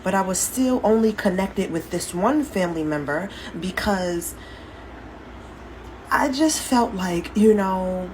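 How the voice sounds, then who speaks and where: A woman's voice: medium pitch, lively intonation, slow pace, darkish tone, poor audio. A woman speaks straight into her phone, addressing her followers in a loose, rambling way and swearing freely. A faint background hiss sits under her voice. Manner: candid, rambling, heavy swearing. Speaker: social media poster. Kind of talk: casual vlog to followers.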